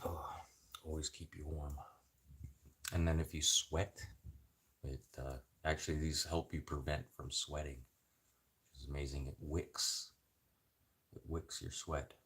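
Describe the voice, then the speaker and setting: A man from Canada hosting a casual livestream chat, swearing freely and rambling between topics with sudden loud bursts. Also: rumbling low, flat delivery, measured pace, long pauses. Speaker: livestream host.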